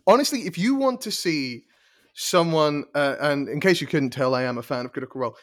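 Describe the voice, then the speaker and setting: A man's voice: on the high side, expressive, fairly quick. A man in casual podcast chat, talking enthusiastically with frequent stumbles and restarts.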